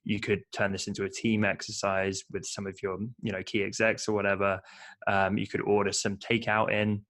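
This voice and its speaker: Lower-voiced man, chatty co-host. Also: little pitch movement, normal speed, fairly bright tone. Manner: chatty, playful, practical. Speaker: podcast co-host. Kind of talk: casual business podcast chat.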